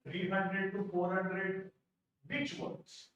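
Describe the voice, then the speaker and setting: An Indian English man teaching a live exam-prep class, his voice sitting a bit high. He stresses points by repeating them and poses questions only to answer them himself. The recording is very roomy and reverberant, with him set back from the microphone. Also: monotone, slow pace, fairly bright tone. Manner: emphatic, repeats key phrases, asks and answers his own questions. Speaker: vocabulary teacher. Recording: very echoey room, distant from mic.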